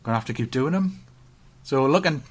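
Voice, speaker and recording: A man's voice: medium pitch, expressive, brisk. Chatty man. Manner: chatty, joking, reads out comments. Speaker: podcast co-host. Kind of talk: casual chat.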